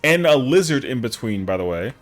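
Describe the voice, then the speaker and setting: A man's voice: medium pitch, very animated, brisk, soft background music. A man streaming a game live, chatting casually with jokes, mock outrage and plenty of swearing. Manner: joking, profane, playfully indignant. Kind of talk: casual live-stream chat while gaming.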